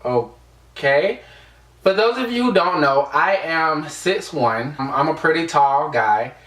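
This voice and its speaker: A man's voice: on the high side, animated, slow, fairly bright tone, recorded from a distance. A young man from the United States telling a casual storytime vlog, rambling with lots of fillers. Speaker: vlogger. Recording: echoey room, away from the mic.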